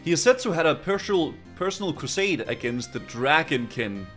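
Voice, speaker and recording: A bookish male librarian reading old lore in a steady, measured way, as a man voices him. Light music plays faintly behind. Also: fairly high pitch. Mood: lecturing.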